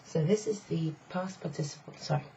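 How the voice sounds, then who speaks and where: A middle-aged French teacher with a low, gravelly, mellow voice gives a casual online French lesson, chatting and explaining step by step while repeating phrases slowly. The audio is slightly dull and lo-fi, with a faint hiss in the background.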